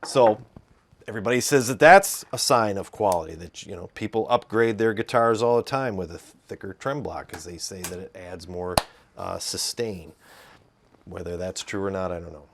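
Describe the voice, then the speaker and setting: Midwestern male host, lowish pitch, loose unscripted explainer with frequent restarts. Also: normal speed, a little hiss or hum. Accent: Midwestern American. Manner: rambling, hesitant, full of fillers and restarts. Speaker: guitar video host. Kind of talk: casual explanatory talk.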